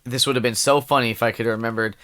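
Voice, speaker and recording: A man's voice: mid-range voice, fairly even intonation, rapid-fire, fairly bright tone, a little hiss or hum. A man co-hosting a casual comedy podcast, joking in a silly way and swearing freely. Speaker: podcast co-host.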